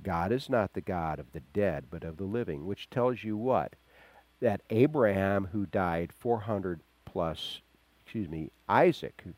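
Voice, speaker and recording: Animated male preacher, low, dry. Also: measured pace, no echo. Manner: animated, swings from loud emphasis to quiet asides; acts out quoted voices, chuckles. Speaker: pastor. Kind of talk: expository sermon.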